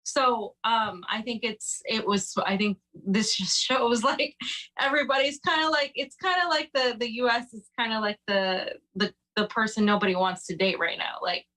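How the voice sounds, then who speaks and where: A woman's voice: on the high side, moderate pace, sharp tone, poor audio. A woman co-hosting a casual news commentary show, chatty and sarcastic, with many fillers. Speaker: co-host.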